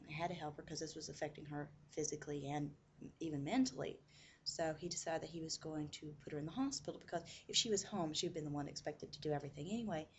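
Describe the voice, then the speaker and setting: Woman storyteller, lowish voice, chatty, full of asides. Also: a little hiss or hum. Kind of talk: casual spoken storytelling.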